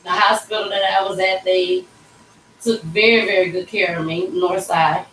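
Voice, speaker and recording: Speaking at a moderate pace with a lowish, fairly bright voice and fairly even intonation, this livestream host in her 30s shares a personal story with candid, conversational warmth, addressing everyone as "y'all." The mic sits at a distance in an echoey tattoo shop, where a faint background hum carries through the roomy space.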